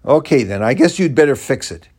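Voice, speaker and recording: A man voicing a gruff, flustered male sheriff who stammers, acting out a quote in a spoken story. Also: medium pitch, animated, brisk, darkish tone.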